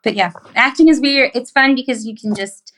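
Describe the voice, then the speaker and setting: Swearing freely, a middle-aged woman from Arkansas tells stories as a podcast guest in animated, emphatic, casual chat. Her Southern-accented voice is high and a little fast.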